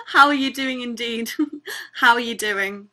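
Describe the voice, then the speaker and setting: A woman plays a painfully posh young Englishwoman with a bright, high voice and an unhurried pace. She sounds prim and self-conscious, covering it with giggles, as heard over a video call in an online student play. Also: sing-song, heavily acted. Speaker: student actor.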